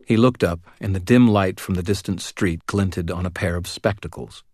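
A man narrating a first-person fantasy audiobook in a measured, wry delivery. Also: sits low, darkish tone, dry recording, clean studio sound.

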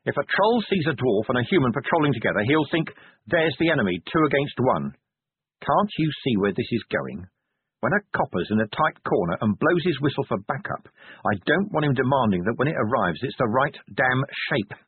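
A weary middle-aged male police commander, blunt and cynical, snapping back short retorts, as a male narrator puts him on. His husky voice swings widely in pitch. The sound is dry and tinny, like narrow-band audio. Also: big pitch swings, a little fast, dry recording. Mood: gruff.

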